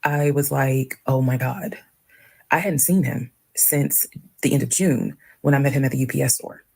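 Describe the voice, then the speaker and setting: A woman telling a personal story in a frank, animated way, acting out the dialogue. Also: very deep voice, normal speed, creaky, slightly rough. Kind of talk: casual storytelling.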